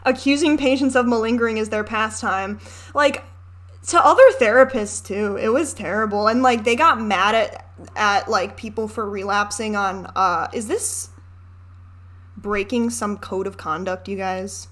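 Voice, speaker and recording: A woman's voice: medium pitch, measured pace, a bit bright. A woman in her twenties giving candid, chatty commentary over a film, swearing and ranting as she goes. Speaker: reaction video host.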